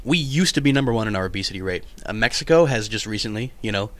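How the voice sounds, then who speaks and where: Man, podcast co-host, sarcastic, laughs a lot, lively pitch, casual chat. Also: quick pace. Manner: sarcastic, laughs often between lines. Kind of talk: casual round-table chat.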